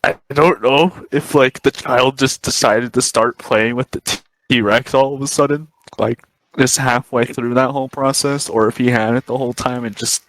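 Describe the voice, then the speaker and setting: A young man co-hosting a casual podcast, telling a story in a rambling, halting way and laughing often. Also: medium pitch, steady tone, a bit bright, no room sound, rough recording. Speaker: podcast co-host.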